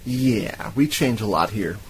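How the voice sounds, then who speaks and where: Animated, profane man reviewing a movie. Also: on the low side, unhurried, slight background noise, low-quality recording. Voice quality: animated, profane, laughs often. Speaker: podcast co-host. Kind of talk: casual film-review chat.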